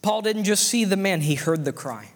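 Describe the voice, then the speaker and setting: A man preaching a sermon in a slightly high voice, his words ringing out in a long, hall-like reverb. He speaks fervently and repeats his points, punctuating them with amens and hallelujahs. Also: animated, normal speed.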